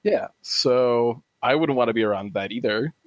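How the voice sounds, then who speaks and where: A man's voice: medium pitch, normal speed, dry recording. A man co-hosting a podcast in casual group chat, laid-back and amused. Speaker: podcast co-host.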